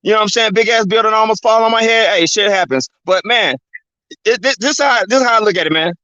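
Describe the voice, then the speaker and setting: Fast and high, his voice pushed and bright, a man rants casually on his own channel in a dull, dry, lo-fi recording without echo. He curses throughout his rambling monologue and keeps saying "man" and "you know what I'm saying."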